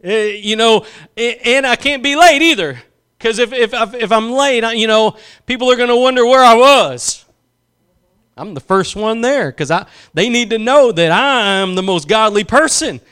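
A man's voice: very high voice, lively intonation, moderate pace, a bit bright, clear, resonant tone. A man preacher acting out a self-righteous male churchgoer who huffily brushes off someone in need. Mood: dismissive.

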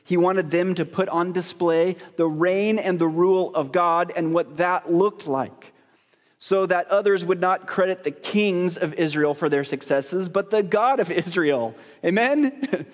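High-voiced joking male pastor preaching. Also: unhurried. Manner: conversational, joking, asks the congregation questions. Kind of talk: sermon. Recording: long hall reverb.

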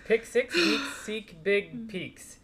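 A woman's voice: a little high, very animated, slow pace, a bit bright, slight background noise. A woman co-hosting a podcast, chatting casually in an upbeat, encouraging way. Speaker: podcast co-host. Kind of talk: casual chat.

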